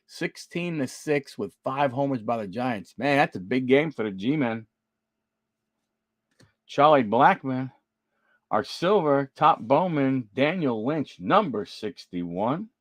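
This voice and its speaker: A man's voice: medium pitch, lively intonation, slow pace, no echo. A man hosting a live card-opening stream, chatting with viewers by name and reading off player names as he flips through cards. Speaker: card break host.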